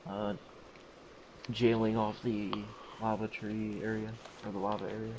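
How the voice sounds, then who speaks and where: A man chatting casually while playing a game, laid-back and quick to laugh at his own jokes. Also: lowish voice, flat delivery, creaky, background noise. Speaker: gamer.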